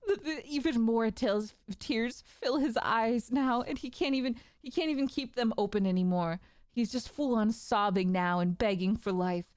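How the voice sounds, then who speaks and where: A woman's voice: fairly high pitch, normal speed, darkish tone, clear, resonant tone, no echo. Brief: woman streamer running a tabletop game, dramatic narration, close dry mic. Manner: dramatic narration, laughs often.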